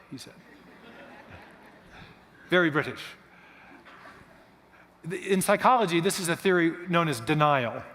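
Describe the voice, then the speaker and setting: A man giving a lecture-style guest talk, explaining in a lively storytelling manner that often stops and restarts. His voice is fairly high for a man. The sound carries the long reverb of a large church hall. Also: unhurried, pauses often, background noise. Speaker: guest speaker.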